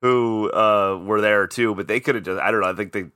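A man from Chicago, co-hosting a casual podcast and telling stories in a lively, profane way. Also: lowish voice, fairly quick, clean tone, no room sound, clean studio sound. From Chicago, USA. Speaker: podcast co-host.

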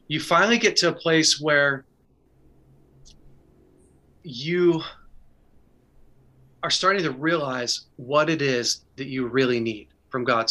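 A faith speaker with a fairly high-pitched, sharp voice shares advice in a casual, conversational teaching style. He tells his own story earnestly and candidly, speaking in short bursts with restarts.

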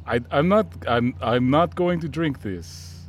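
A man doing a drawling deadpan vampire with a V-for-W accent. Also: mid-range voice, a little slow, slight background noise, natural voice. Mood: sleepy. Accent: mock Eastern European, V for W. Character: Vlad, sleepy deadpan male vampire.

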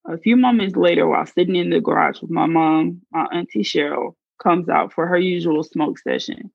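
A woman's voice: fairly low pitch, normal speed, gravelly, dry recording, lo-fi sound. A woman earnestly narrating her own life story in a first-person reading. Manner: earnest, confessional.

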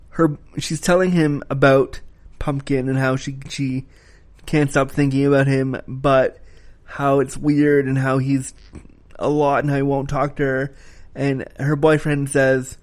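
A man's voice: medium pitch, flat delivery, moderate pace, darkish tone. A man giving a casual spoken film review, talking frankly and critically, with the occasional swear word.

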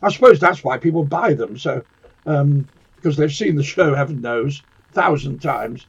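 Older husky-voiced man telling anecdotes. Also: fairly high pitch, animated, normal speed, highs cut off. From northern England. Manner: chatty storyteller, theatrical quoting voices. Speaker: interview guest, actor. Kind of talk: casual anecdotal chat.

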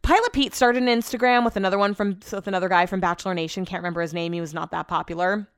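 A woman's voice: medium pitch, steady tone, rapid-fire, clear, resonant tone, dry recording, clean studio sound. A young woman hosting her own podcast, rambling in casual chat with lots of fillers and restarts. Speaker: podcast host. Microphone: podcast mic.

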